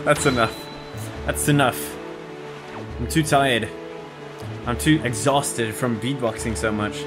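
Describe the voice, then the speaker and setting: A man's voice: mid-range voice, unhurried, long pauses. Profane joking man over game music. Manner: profane, joking, talks to himself. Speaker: gameplay commentator. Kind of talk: casual let's play commentary. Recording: game music loud behind.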